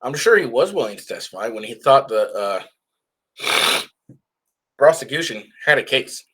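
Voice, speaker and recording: Man, stuffy nose, husky, animated pitch, rambling casual commentary. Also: moderate pace. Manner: rambling, many restarts. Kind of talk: casual commentary on live updates.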